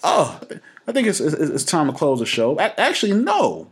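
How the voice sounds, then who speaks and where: A man's voice: a little high, huge pitch swings, normal speed. A man co-hosting a casual podcast, telling stories with stammered restarts and quoted voices. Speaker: podcast co-host. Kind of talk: casual chat.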